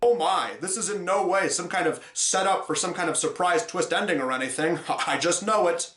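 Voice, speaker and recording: A man narrating a comedic film review in a sarcastic, deadpan way. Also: high-pitched, brisk. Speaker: movie reviewer. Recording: echoey room with faint music.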